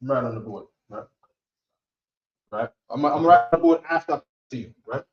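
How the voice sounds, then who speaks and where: A man runs a classroom language lesson in a casual, coaxing way. He drills short words out loud and keeps checking that his students follow. The room sounds echoey and the recording is dull and lo-fi. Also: mid-range voice, expressive, fairly quick. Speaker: Hebrew language teacher.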